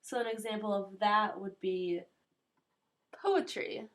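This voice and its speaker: A woman's voice: medium pitch, normal speed, a bit bright. Young woman explaining poetry terms. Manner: clear, list-like explaining with examples. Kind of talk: educational explainer.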